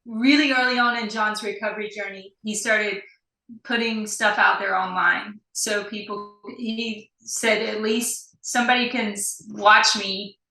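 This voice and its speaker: A woman speaks reflectively and supportively as a podcast guest. Her voice is bright and clear in tone. She sits back from the mic, and the room makes her sound roomy. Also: medium pitch, steady tone, measured pace, recorded from a distance. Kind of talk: casual podcast conversation.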